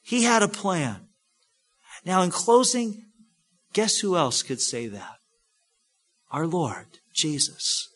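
A male pastor delivers a sermon at an unhurried, deliberate pace. His voice sits a little high and swings from quiet, hushed passages to loud, theatrical lines when he acts out quotes. The effect is emphatic and dramatic preaching. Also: very animated.

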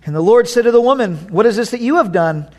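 A man's voice: sits high, lively intonation, fast talker. A man pastor preaching a sermon, reading scripture and joking, with sudden dramatic swings in his delivery.

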